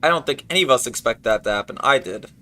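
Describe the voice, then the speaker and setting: A man's voice: medium pitch, lively intonation, quick pace, sharp tone. A man streaming a game, chatting casually and ad-libbing jokes over it. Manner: jokey, ad-libbing, breaks into laughter. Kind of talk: casual gaming stream chat.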